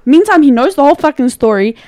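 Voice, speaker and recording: A woman with a high voice tells a chaotic family story as a podcast co-host. Her talk is loose and animated, swearing freely and laughing as she goes. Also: quick pace. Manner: profane, animated, laughs often. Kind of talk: casual storytelling.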